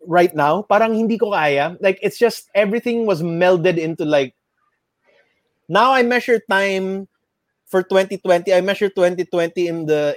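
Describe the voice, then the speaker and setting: A man's voice: sits high, dry recording. A man with a Filipino accent, rambling and correcting himself in casual podcast chat. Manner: rambling, self-correcting, mixes Tagalog into English.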